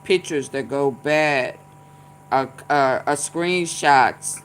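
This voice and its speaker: A woman hosting, talking casually with many fillers and pauses. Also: a bass voice, a little hiss or hum. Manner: halting, many fillers, laughs. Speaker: host reacting to a clip. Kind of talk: casual commentary.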